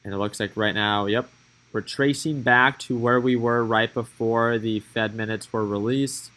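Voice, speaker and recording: A man's voice: medium pitch, steady tone, moderate pace, a bit bright, low-quality recording. A man giving casual live-stream commentary on stock market moves, chatty and thinking aloud as he watches the charts.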